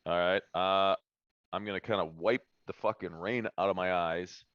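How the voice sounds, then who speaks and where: A man's voice: low-pitched, steady tone, normal speed, fairly bright tone, dry recording. A man playing a tabletop role-playing game online, talking bluntly and swearing casually. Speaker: player. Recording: dull dry online mic.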